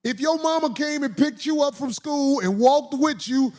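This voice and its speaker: A man's voice: extremely high pitch, normal speed, darkish tone. A middle-aged man who grew up in city housing projects, telling stories from his youth in an emphatic, streetwise way. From Chicago housing projects. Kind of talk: storytelling commentary.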